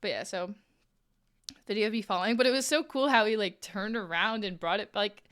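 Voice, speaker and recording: A young woman streamer telling a story in a casual, animated chat, with lots of "like"s while she crafts on a live stream. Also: mid-range voice, brisk, smooth. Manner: chatty, animated, many "like"s, acts out quoted voices. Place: home streaming setup, crafting while talking.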